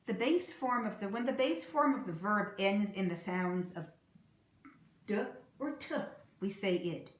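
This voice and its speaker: A woman teaching English pronunciation, saying example words slowly and clearly and repeating them. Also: mid-range voice, roomy sound. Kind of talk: slow, deliberate pronunciation lesson.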